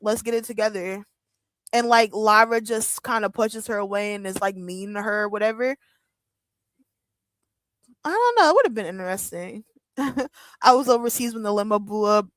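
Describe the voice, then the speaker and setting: A young woman chatting casually as host of a wrestling watch-along, excitable and full of fillers and laughs. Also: mid-range voice, moderate pace, long pauses, no echo. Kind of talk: casual chat.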